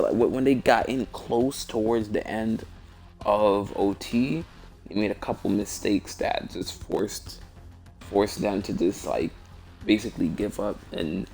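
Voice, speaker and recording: A man's voice: fairly low pitch, creaky. A tired young man rambling casually about basketball on a stream as host, with many restarts and fillers. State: tired, yawning. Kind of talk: casual sports talk stream.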